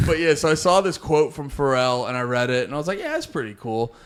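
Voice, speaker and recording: A man's voice: a little high, very animated, moderate pace. A man co-hosting a comedy podcast, riffing casually with profanity and frequent laughter. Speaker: podcast co-host.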